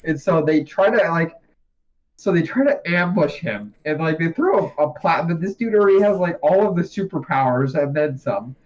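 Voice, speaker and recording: A man's voice: a little high, expressive, moderate pace. Rambling profane young man, lo-fi sound. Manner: rambling, profane, laughs often. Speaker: podcast co-host. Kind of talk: casual chat. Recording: dull lo-fi sound.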